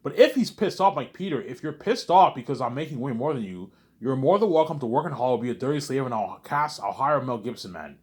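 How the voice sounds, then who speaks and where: Casual vlogger, male, quick, sing-song delivery, keeps circling back on himself. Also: medium pitch. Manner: animated, repetitive, haggling back and forth with himself. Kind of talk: casual rambling monologue.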